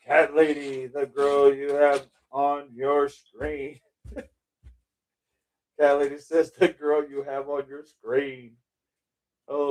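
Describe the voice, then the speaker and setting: The middle-aged man running this casual livestream reads chat messages, wanders into tangents and loses track of his thoughts, laughing and swearing casually along the way. His mid-range voice has a darkish tone.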